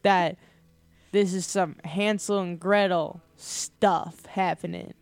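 A woman's voice: on the low side, steady tone, slow, dry recording. A woman playing a tabletop game, chatting casually in a playful, nervous, giggly way. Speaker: player.

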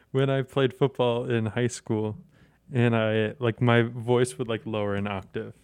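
A young man hosting a casual chat, laid-back, laughing often and pausing on fillers. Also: mid-range voice, fairly even intonation, a little mellow, clear, resonant tone, no echo, studio quality. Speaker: host.

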